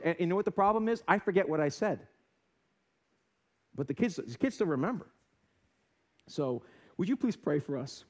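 A male American pastor giving a sermon in a church, telling a self-deprecating story and acting out voices. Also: on the high side. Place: church sanctuary.

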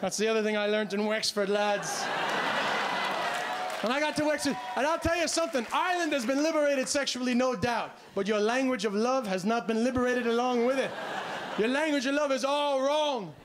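Male stand-up comic, high voice, animated and profane, live crowd noise audible behind. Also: a little fast. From United States. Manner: animated, shouting bits, swearing. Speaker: stand-up comedian. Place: large live venue with audience. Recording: live show with audience noise.

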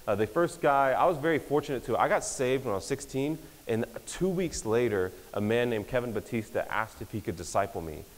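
A young man, giving an energetic, joking conference talk that pokes fun at pastors. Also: medium pitch, fairly quick, few pauses. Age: young adult. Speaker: speaker. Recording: hall reverb.

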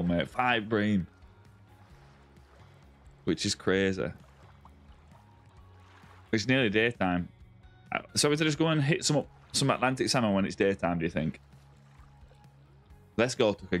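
A man's voice: fairly low pitch, a bit bright. A young man on a live game stream, chatting casually and greeting viewers by name as mate and buddy.

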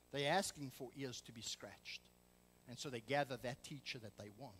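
A man's voice: a little high, a bit bright, in a large hall, rough recording. A man preaching a sermon as pastor, emphatic and full of rhetorical questions. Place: church sanctuary.

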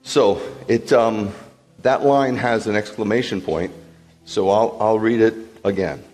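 The rabbi's voice is lowish and unhurried, carrying a big-room sound with faint music in the background. Preaching to a congregation in a large hall, he teaches animatedly and keeps asking the room questions to check understanding.

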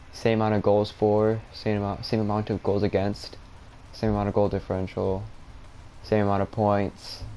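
A young man livestreaming a football video game, reacting out loud with quick exclamations and rambling, self-mocking asides. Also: lowish voice, a little hiss or hum. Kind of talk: live gameplay commentary.

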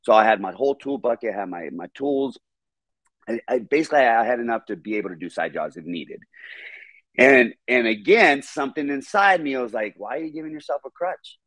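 A man guest on a podcast telling a story in a casual, animated, profane way, repeating words when excited. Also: mid-range voice, fairly quick, no room sound.

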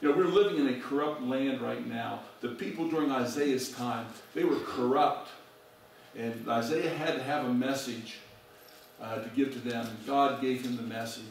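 A man's voice: medium pitch, gravelly, a little hiss or hum. A male pastor preaching a sermon to his congregation, asking them direct questions. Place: church sanctuary. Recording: very echoey church recording from far off.

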